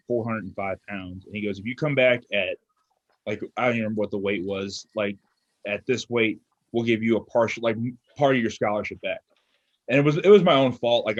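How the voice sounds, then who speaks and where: A man's voice: fairly low pitch, no room sound, lo-fi sound. A young man in his twenties, a fitness coach, telling a story in casual chat and acting out what people said. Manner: animated storyteller acting out quotes.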